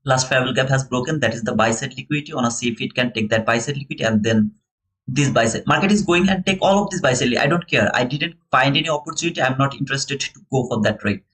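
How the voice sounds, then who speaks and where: A man's voice: medium pitch, fast talker, fairly bright tone, low-quality recording. A young man with a non-native English accent, talking viewers through his live trades in a casual, earnest way and calling them brother. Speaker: live-stream futures trader and host. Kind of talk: casual live trading commentary.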